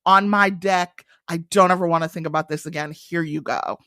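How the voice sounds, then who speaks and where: A woman's voice: lowish voice, fairly even intonation, brisk, fairly bright tone, dry recording. A woman guest on a podcast, chatting casually with dry comic asides and frequent laughter. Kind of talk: casual chat.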